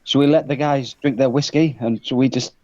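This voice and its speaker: A man's voice: mid-range voice, steady tone, brisk, darkish tone. Man, tabletop player, mid voice, muffled lo-fi audio. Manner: describes his character's actions plainly. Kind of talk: casual tabletop play.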